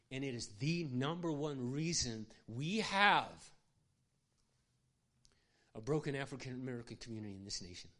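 A man's voice: fairly high pitch, a bit bright. Impassioned older male pastor telling stories. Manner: impassioned, conversational, with asides to the audience. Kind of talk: sermon storytelling.

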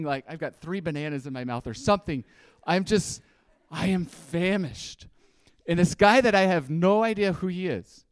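Guy giving a casual sermon, kinda high voice, stumbles and repeats words a lot. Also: no room sound. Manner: frequent word repeats and restarts, storytelling. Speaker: preacher. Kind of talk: conversational sermon.

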